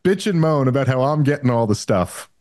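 A man's voice: mid-range voice, lively intonation, a little fast, darkish tone, no room sound, clean studio sound. A man, a comedian hosting a podcast, talking in a wry, blunt way and swearing casually. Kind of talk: casual chat.

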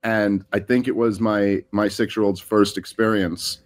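A man in his thirties telling animated anecdotes in a casual comedy chat. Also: lowish voice, measured pace, no echo.

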